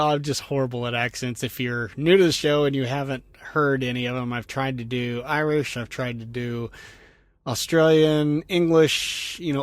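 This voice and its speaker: A male truck driver hosts his own podcast and talks through listener letters in a loose, chatty way. He chuckles often and fills his sentences with "you know." His voice sits at an ordinary middle pitch, and the sound is close and dry, with no room around it. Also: dry recording. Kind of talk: casual podcast chat answering listener mail.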